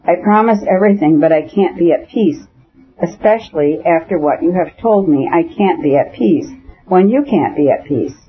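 Brief: male reader as a calm, earnest nobleman, husky and a bit high, on a lo-fi take. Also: moderate pace. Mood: anxious. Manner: calm, firm, soft and persuasive. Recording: dull lo-fi audiobook recording.

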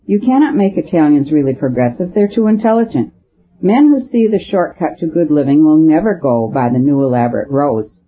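Reader doing young italian poet, male, scornful, husky, tinny phone-like sound. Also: mid-range voice, lively intonation, a little fast.

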